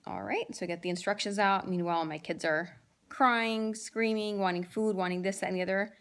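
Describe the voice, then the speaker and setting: A woman's voice: mid-range voice, fairly quick, fairly bright tone, clean tone. A woman in her thirties chatting casually to camera, telling amused family stories with lots of fillers and restarts. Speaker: vlogger telling home stories. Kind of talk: casual storytelling monologue.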